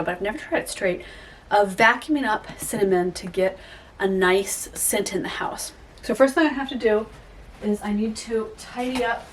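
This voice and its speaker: A woman chatting casually and playfully while she cleans her house, tossing in self-mocking jokes. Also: mid-range voice. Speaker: home vlogger. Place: inside a house. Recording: echoey room, mic far off.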